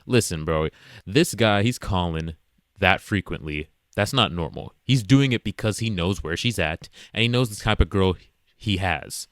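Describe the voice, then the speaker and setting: Man host, lowish voice, blunt and preachy commentary, dry close sound. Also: animated, moderate pace, fairly bright tone, no room sound. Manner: blunt and emphatic, lecturing other men. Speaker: reaction video host. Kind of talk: casual commentary to the camera.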